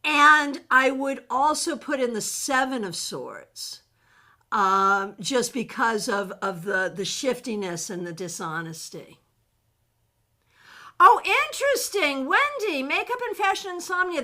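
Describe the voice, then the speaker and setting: A woman teaches tarot in a live online workshop, reading out viewer comments as she goes. Her voice sits high and bright and swings widely in pitch. She talks in an animated way, laughs easily and trails off into frequent ums and restarts. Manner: animated, laughs often, many fillers and restarts.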